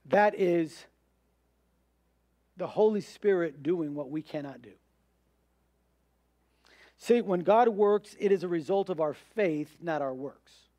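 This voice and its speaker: In a close, dry recording with no echo, a pastor preaches emphatically in a notably high, slightly mellow voice. He raises questions, answers them himself, and voices the objections his listeners might have.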